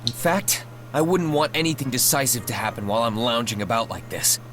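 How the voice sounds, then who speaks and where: A man's voice: mid-range voice, expressive, a little fast, fairly bright tone, slight background noise, close to an everyday voice. An actor playing an earnest, talkative teenage boy hero in a video game, fervent and pleading.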